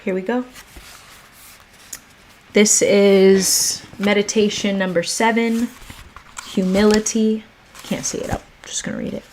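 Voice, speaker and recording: American lady on a livestream, super unhurried, chatty and easygoing. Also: mid-range voice, slight background noise. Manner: relaxed, chatty, slow and drawn out. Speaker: livestream host. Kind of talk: casual livestream chat and reading aloud.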